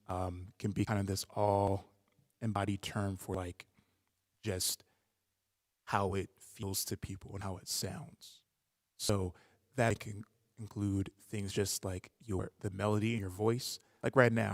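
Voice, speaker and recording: Man, gravelly low voice, loose conversational teaching on a live stream, long reverb tail. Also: darkish tone, clean studio sound. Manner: loose, conversational, many "like" fillers. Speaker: rapper hosting a live stream.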